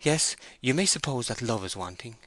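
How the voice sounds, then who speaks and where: A man's voice: medium pitch, animated, moderate pace, a bit bright, no echo, pitched above the performer's own voice, lightly acted. A man voicing a proud, troubled young farm owner in an audiobook, speaking with earnest, tense feeling, his voice lifted a little above his own. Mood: anxious. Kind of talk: audiobook character voice.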